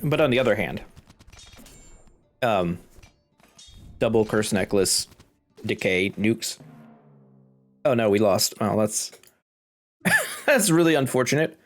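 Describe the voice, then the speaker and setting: A man's voice: on the low side, big pitch swings, slow, pauses often, faint music behind. A congested man casually commenting on his game as he plays, thinking aloud and chuckling. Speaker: gaming video host.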